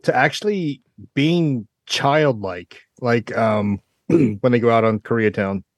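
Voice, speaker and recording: A man co-hosting a podcast, chatting casually and telling stories in an animated way. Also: mid-range voice, slow pace, dry recording, studio quality. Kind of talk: casual chat.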